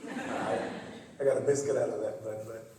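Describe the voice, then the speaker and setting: A man giving a personal storytelling speech at a forum, animated and full of repeated starts as he acts out the people in his tales. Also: fairly low pitch, normal speed. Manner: animated, repetitive, acts out voices. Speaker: forum speaker. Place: college theater stage. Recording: echoey theater hall, distant mic.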